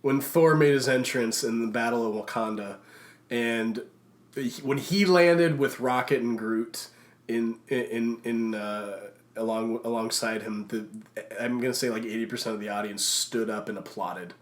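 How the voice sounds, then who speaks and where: A man co-hosting a casual podcast chat who rambles excitedly and stumbles over repeated restarts. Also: mid-range voice, a little slow. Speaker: podcast co-host.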